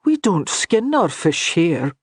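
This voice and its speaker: Brief: literal young clansman, woman reader, flat plain answers, dry close sound. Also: fairly low pitch, slow pace, husky, no echo, full character voice. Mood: matter-of-fact. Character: plainspoken young male clan soldier.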